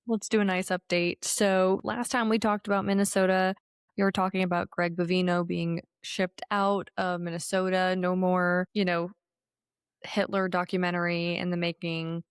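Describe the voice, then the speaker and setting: A woman's voice: on the low side, smooth, dry recording, studio quality. A woman co-hosting a podcast in casual chat, swearing, laughing often and acting out quotes. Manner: animated, profane, laughs often, acts out quotes. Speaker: podcast co-host.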